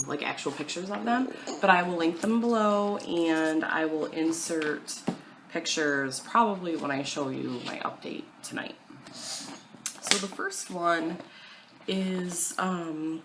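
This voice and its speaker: A woman's voice: on the low side, background noise. A young woman chatting casually at home to her camera about her cross-stitch plans, self-deprecating and full of fillers.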